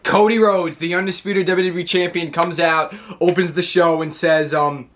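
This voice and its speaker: A young man talks through a wrestling recap in a loose, rambling way, often laughing at his own retelling. His voice sits a touch high for a man, and he gets worked up as he goes. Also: steady tone, normal speed, fairly bright tone. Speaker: wrestling show reviewer. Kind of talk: casual recap vlog.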